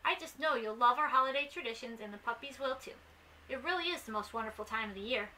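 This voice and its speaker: A woman voicing a gentle, loving female spaniel mother in a sweet, warm manner. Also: on the high side, quick pace, distant mic, a little hiss or hum, low-quality recording.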